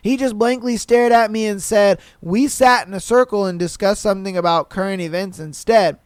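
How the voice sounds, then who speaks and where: A man hosting a podcast, telling a story in casual slangy talk, animated, laughing and swearing. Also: sits high, moderate pace, smooth, no room sound, studio quality. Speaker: podcast host. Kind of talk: casual storytelling and reading listener posts.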